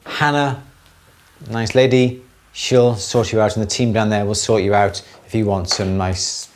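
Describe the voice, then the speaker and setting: A man's voice: on the low side, fairly even intonation, a little slow, slight background noise. A man, co-hosting a casual live jewellery Q&A and recommending suppliers in a chatty, friendly way. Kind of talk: casual live-stream chat.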